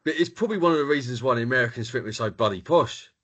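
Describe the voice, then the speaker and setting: A man co-hosting a casual podcast chat, stumbling and repeating words as he talks. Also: mid-range voice. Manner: halting, repeats words, animated. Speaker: podcast co-host.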